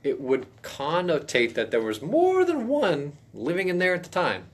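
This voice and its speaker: A man teaching a casual Bible study in a folksy, emphatic way, now and then stressing phrases loudly. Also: a little high, huge pitch swings, normal speed.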